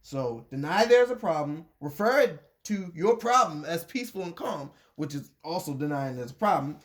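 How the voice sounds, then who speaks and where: A man's voice: on the high side, expressive, normal speed. A man reading a letter aloud and commenting on it in casual chat, repeating his points and restarting sentences as he goes.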